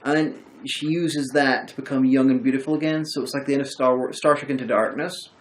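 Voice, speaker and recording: A man hosting a film review chat, retelling the plot in a rambling, animated way. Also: mid-range voice, fairly quick, poor audio. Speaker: host of a film review show. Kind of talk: casual chat about a film.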